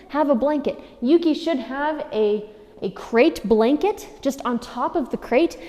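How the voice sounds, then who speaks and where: A woman dog trainer talking new owners through their puppy's routine in a firm, practical way. Her voice is mellow and dark, and it rings with a long reverb, as if she were recorded in a large hall. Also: medium pitch. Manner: firm, repeats key warnings for emphasis. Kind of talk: instructional handover talk.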